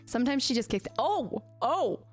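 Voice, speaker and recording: Giggly, excitable woman streamer. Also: a little high, moderate pace. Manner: excitable and giggly, cooing to her cat. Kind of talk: casual live-stream chat. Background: faint film music.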